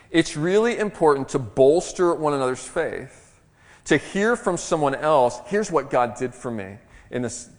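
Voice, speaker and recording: A man preaching a sermon as pastor, earnest and teaching, often restarting his words. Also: fairly high pitch. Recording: long hall reverb.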